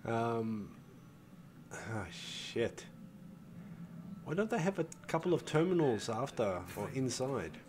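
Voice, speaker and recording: A man's voice: medium pitch, big pitch swings, slow, pauses often, noisy background. An older man hosting a gaming video, chatting casually and thinking aloud as he plays, swearing freely and calling his viewers folks. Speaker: gaming channel host. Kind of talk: casual gameplay commentary.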